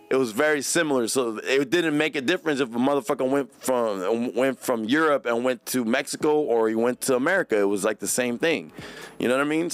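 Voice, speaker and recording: A man's voice: mid-range voice, smooth, no echo. A man hosting a podcast, talking in a rambling, slangy, profane way. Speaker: podcast host. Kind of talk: casual podcast chat.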